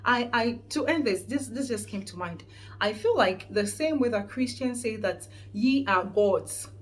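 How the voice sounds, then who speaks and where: A woman's voice: fairly high pitch, lively intonation, a little slow. A woman with a Ghanaian accent giving an earnest, preachy motivational vlog talk, stressing points and often restarting words. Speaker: vlogger host.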